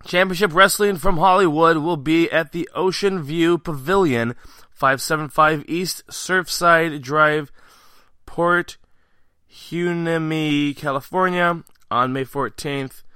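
A wrestling podcast host, out of breath, chats eagerly and rambles enthusiastically through event listings in a casual interview-and-rundown format. His fairly high voice is slow, bright, forceful, clear, and resonant, in clean studio sound with no echo.

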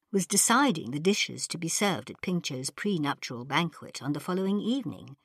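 A woman narrating an audiobook in a measured storytelling manner. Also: low-pitched, breathy edge, no echo, clean studio sound. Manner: measured storytelling, voices characters. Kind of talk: scripted narration.

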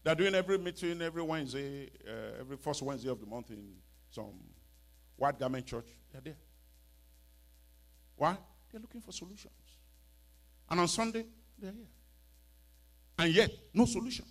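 A man preaching a sermon, swinging from hushed storytelling to loud emphatic cries and repeating lines for effect. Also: a little high, big pitch swings, normal speed, pauses often.

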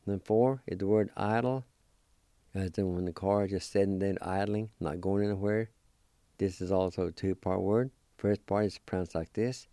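A middle-aged man giving a slow, deliberate spelling and pronunciation lesson, spelling out letters one by one. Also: lowish voice, creaky, warm tone, dry recording, clean studio sound. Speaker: radio language teacher.

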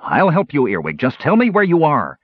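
A man's voice: mid-range voice, wildly swooping pitch, normal speed, slightly rough, dry recording, dull audio, pitched above the performer's own voice. A man voicing a big, loyal male warrior who talks in an earnest, urgent way in an audiobook. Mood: urgent calling. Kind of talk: audiobook character voice.

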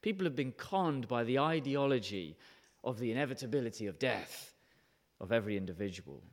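A man's voice: medium pitch, animated, fairly quick, long reverb tail, close to an everyday voice. A man preaching puts on a self-assured American billionaire with an American accent.

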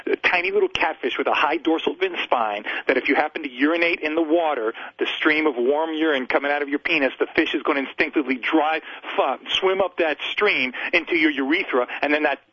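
A man telling animated stories as a guest on a radio show, emphatic and excitable, his voice jumping up and down as he talks. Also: husky, dry recording, dull audio. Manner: excitable, emphatic storyteller with big pitch jumps. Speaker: zoo spokesperson and guest. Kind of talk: animated storytelling on a radio call-in.

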